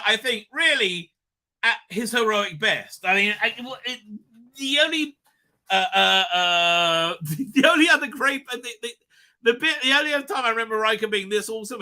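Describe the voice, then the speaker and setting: A man hosting a live stream, rambling excitedly with lots of fillers and tag questions. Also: sits high. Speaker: show host. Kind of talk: live-stream fan commentary.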